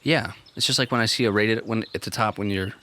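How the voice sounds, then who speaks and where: Male co-host, playful, laughs easily, lowish, bright voice, faint noise behind. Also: steady tone, fast talker. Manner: playful, laughs often, goofy bits. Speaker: podcast co-host. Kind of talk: casual chat.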